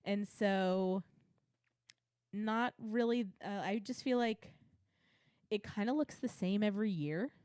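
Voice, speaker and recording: A young adult woman co-hosts a relaxed review conversation. She speaks candidly and gives firm opinions, pausing on fillers and restarting her sentences. Her voice sits in a middle range and sounds dry and close to the mic. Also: mid-range voice, smooth, no echo. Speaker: co-host reviewing theme park events. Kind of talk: casual chat.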